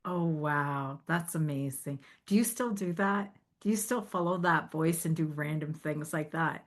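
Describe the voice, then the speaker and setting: Woman, interview host, encouraging, frequent affirmations, lowish voice. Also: measured pace. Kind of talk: interview chat.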